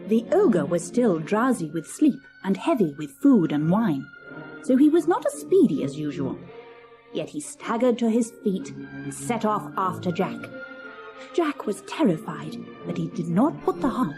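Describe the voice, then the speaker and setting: A woman's voice: mid-range voice, very animated, unhurried, mellow, faint music behind. A woman narrating a children's storybook audiobook, reading expressively and dramatically.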